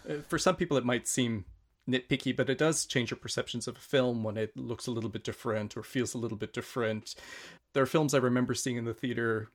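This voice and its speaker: Male interviewer, mid-pitched, reflective and hesitant, conversational. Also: steady tone, fast. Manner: thoughtful, hesitant, with fillers. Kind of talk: conversational discussion.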